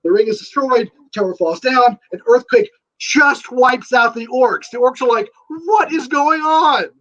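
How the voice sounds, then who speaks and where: A man chatting as an interview guest, animated and rambling, full of fillers and big swings of emphasis. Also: extremely high pitch, moderate pace, muffled recording. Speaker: guest writer. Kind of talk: enthusiastic casual interview chat.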